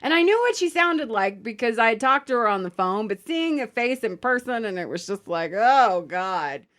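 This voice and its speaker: A woman's voice: a little high, fairly quick. A woman hosting a podcast, telling stories in casual chat with plenty of swearing. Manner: animated, profane storytelling. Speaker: podcast host.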